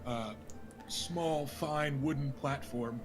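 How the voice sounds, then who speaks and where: A man narrating as game master, unhurried, with many fillers and hedges. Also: mid-range voice, music in the background.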